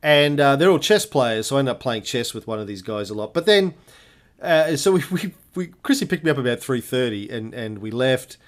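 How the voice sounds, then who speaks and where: A man, a podcast co-host telling a lively anecdote in casual chat, swearing freely. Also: mid-range voice, fairly quick. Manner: animated storyteller, swears freely.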